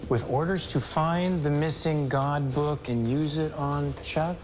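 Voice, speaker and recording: An actor playing a sly, mocking fallen archangel in a TV drama. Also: male voice, a little high, fairly even intonation, a little slow, over a noisy crowd, lightly acted. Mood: smug. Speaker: character in a TV drama.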